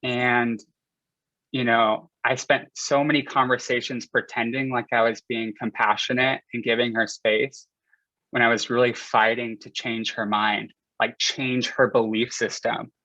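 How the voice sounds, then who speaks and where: Over a video call, a young man tells a community group a personal story in a candid, confessional way, peppering it with "like" and "you know." His mid-range voice is bright and forceful, unhurried with little pitch movement, on dull lo-fi audio without room sound.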